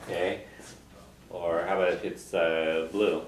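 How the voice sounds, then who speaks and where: A man's voice: deep voice, little pitch movement, a little slow. A man teaching a classroom language lesson, patiently repeating phrases and quizzing his students. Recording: echoey room, faint background noise.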